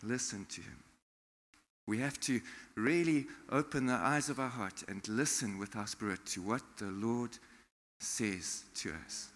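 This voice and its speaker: A man from South Africa preaching a sermon in a church, animated, acting out quotes and laughing often. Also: medium pitch, a little slow. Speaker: pastor. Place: church hall. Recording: long hall reverb.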